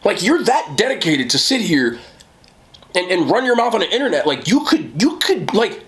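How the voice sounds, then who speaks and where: Animated young man ranting on his vlog. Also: normal speed. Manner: animated, swings from low mutter to high laughing jabs; swears freely, says bro a lot. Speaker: mukbang creator. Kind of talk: casual vlog rant while eating.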